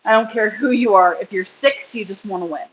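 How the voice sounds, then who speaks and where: A woman's voice: mid-range voice, brisk, slight background noise, poor audio. A woman in her thirties hosting a casual livestream chat, rambling and reading comments while feeding her kids. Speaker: livestream host and rabbit breeder.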